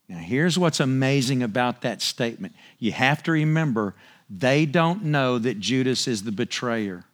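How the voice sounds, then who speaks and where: A man delivers a conversational sermon teaching from the Bible, animated and full of storytelling. His medium-pitched voice swings up and down as he acts out the scene, at a moderate pace.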